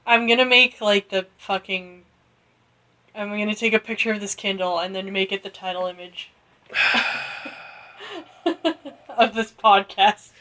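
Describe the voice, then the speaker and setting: A woman's voice: mid-range voice, fairly even intonation, slow, pauses often, sharp tone. A woman co-hosting a podcast, recapping a book casually with frequent laughter and swearing. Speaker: podcast co-host.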